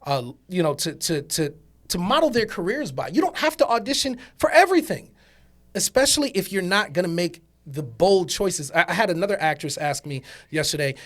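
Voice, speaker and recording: Man hosting a chat, halting delivery. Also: high voice, sing-song, fairly bright tone. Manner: halting, repeats words and uses many fillers. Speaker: podcast host. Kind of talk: casual chat.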